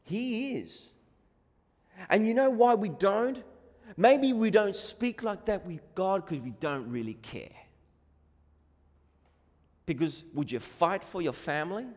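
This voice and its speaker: A man's voice: high-pitched, expressive, slow, long pauses, darkish tone, big-room sound. A man preaching a sermon, impassioned and pleading, recorded in a church. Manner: impassioned, rising to pleading cries.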